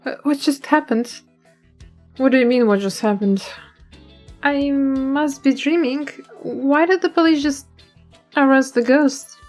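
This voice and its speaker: A woman's voice: sits high, measured pace, pauses often, soft background music, voice pushed up. A woman voicing a timid young actress who is frantic, pleading and stammering, in a streamed game-story reading. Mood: bewildered. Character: timid young actress, jumpy and easily scared.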